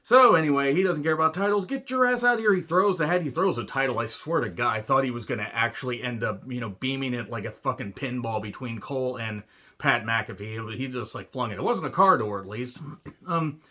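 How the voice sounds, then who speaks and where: A man's voice: medium pitch, fairly quick, bright, forceful tone. A man reviewing a wrestling show in a casual, rambling, jokey way, swearing freely and drifting off on tangents.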